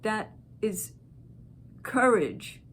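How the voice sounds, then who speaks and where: A woman speaks slowly and gently, pausing often between her words. Her pitch sits in the middle of the range. A faint hiss of background noise runs under the recording. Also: sing-song. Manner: slow, gentle and heartfelt, with pauses. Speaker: channel host. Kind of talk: encouraging direct-to-camera talk.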